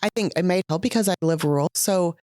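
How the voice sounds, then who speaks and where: A woman chatting casually as a podcast co-host, relaxed and agreeable. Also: on the low side, fast, no echo, studio quality. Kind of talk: casual chat.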